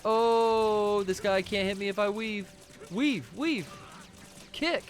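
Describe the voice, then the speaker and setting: A man co-hosting a game stream, excitable and jokey, cursing often while commenting on play. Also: sits high, slow pace. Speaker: streamer co-host. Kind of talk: casual gameplay commentary.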